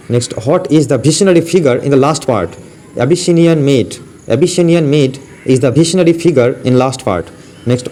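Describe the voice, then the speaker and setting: A man with an Indian English accent teaching an exam-prep lesson, asking each question and then repeating its answer in a steady drill. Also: medium pitch. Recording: faint background noise.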